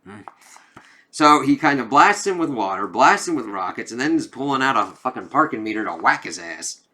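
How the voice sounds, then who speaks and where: Man, casual comic reviewer, bright edgy voice, swears a lot, rambling. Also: medium pitch, big pitch swings, normal speed. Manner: profane, rambling retelling full of fillers.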